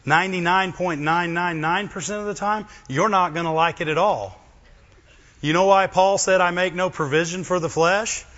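A man preaching an animated sermon in a bright, forceful voice, keeps checking in with the crowd with quick questions. Slightly high for a man. The recording is dull and lo-fi. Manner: animated, asks the congregation questions.

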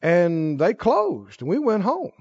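A middle-aged male pastor preaching a sermon, moving between quiet emotional storytelling and forceful exhortation. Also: high-pitched, huge pitch swings, slow pace, no room sound, lo-fi sound.

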